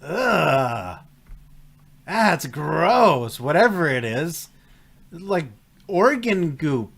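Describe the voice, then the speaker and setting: A man giving casual reaction commentary on a show, jokey and animated, laughing often and mock-scolding the characters. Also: fairly high pitch, extremely slow, vocal fry. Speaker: anime and tokusatsu reaction reviewer.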